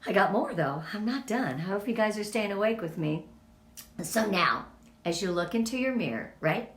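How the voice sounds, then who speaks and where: A woman's voice: mid-range voice, lively intonation, normal speed, echoey room. A middle-aged woman leading a casual motivational talk for her team, earnest and openly emotional, speaking straight to the group.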